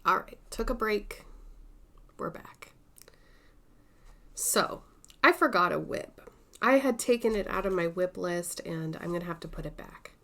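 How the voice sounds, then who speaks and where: In a relaxed show-and-tell about her stitching projects, a woman vlogger chats unhurriedly and drops soft asides. Her voice sits on the low side.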